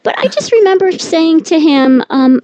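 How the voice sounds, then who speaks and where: A woman's voice: very high-pitched, expressive, moderate pace, noisy background. A middle-aged woman author talking candidly and with animation as a guest in an interview. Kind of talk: conversational interview.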